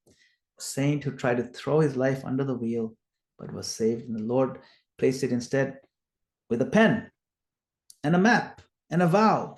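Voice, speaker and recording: Male scripture teacher, mid pitch, lively storytelling, roomy sound. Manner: animated retelling, acts out quoted lines loudly. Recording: echoey room.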